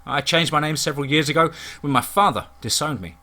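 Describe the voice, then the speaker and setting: A man narrates a first-person horror story in a steady, dramatic storytelling style. His voice is fairly high-pitched and he speaks fast.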